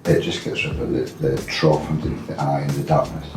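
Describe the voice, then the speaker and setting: A man's voice: a bass voice, flat delivery, a little fast, vocal fry, reverberant, distant mic, soft background music. A man doing makeup while chatting lightly and asking questions, laughing often.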